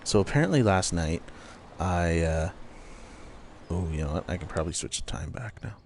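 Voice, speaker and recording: Man, rambling storyteller, low gravelly voice, faint hiss behind. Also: expressive, normal speed. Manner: rambling storyteller with many fillers. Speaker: co-host. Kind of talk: casual chat while gaming.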